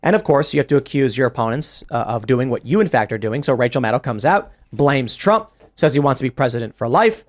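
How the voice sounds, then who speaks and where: A man hosting a political podcast, quick and wry as he leads the talk. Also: mid-range voice, expressive. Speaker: podcast host. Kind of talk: casual political chat.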